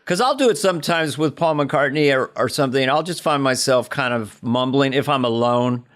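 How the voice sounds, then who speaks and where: A male comedian hosting a casual chat, animated and reflective, laughing easily. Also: mid-range voice, normal speed. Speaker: host, comedian.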